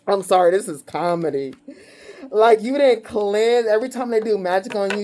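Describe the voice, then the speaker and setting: She has a fairly high, warm voice and a moderate pace as she does a casual tarot reading. Blunt and profane, she delights in mocking her subjects, often laughing between lines.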